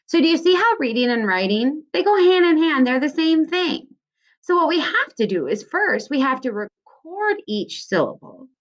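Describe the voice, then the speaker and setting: Woman teacher, slow sing-song delivery, higher voice, dull lo-fi sound. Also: big pitch swings. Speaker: second grade teacher. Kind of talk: recorded lesson for young children.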